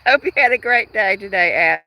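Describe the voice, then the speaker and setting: A woman's voice: medium pitch, animated, moderate pace, bright, forceful tone, no echo. A woman hosting a casual outdoor livestream at dusk, rambling chattily and talking straight to her viewers. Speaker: livestream host.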